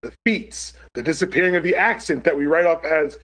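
Podcast host, male, husky and emphatic, casual and joking. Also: a little high, a little fast, a bit bright.

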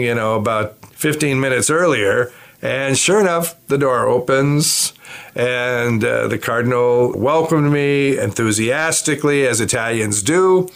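A man's voice: mid-range voice, vocal fry, a bit bright. An older man, a bishop, telling a personal story in a chatty way, with many fillers and restarts. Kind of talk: anecdotal storytelling.

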